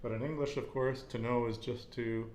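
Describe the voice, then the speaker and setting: A man's voice: mid-range voice, steady tone, moderate pace, darkish tone, reverberant, slight background noise. A man teaching a casual Spanish lesson, repeating each answer and praising it.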